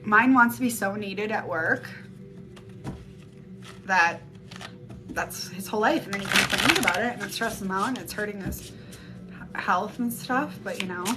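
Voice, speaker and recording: A woman's voice: medium pitch, moderate pace, long pauses. A woman giving a casual psychic reading on a live stream through a phone mic, rambling and blunt, swearing freely. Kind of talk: casual spiritual reading chat. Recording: music playing behind the voice. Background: music.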